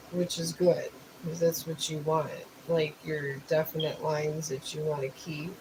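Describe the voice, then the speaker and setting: A slow-talking streamer who rambles while painting on a live stream and explains each material as they go. The delivery is unhurried and drifts from thought to thought. A steady wash of noise sits behind the voice. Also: medium pitch. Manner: rambling, thinks aloud while working; explains art materials step by step. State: just woke up.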